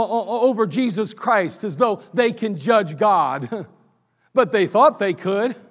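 High-voiced preacher in an echoing church. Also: male voice. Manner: emphatic preaching, swinging between loud declarations and hushed asides. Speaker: pastor. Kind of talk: sermon. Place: church sanctuary. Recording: echoey church sanctuary.

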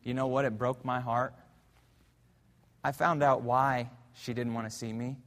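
A man preaching a sermon as pastor in a church, telling a story fervently, swinging between loud and hushed. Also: mid-range voice, level tone, a little slow, long reverb tail. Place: church sanctuary.

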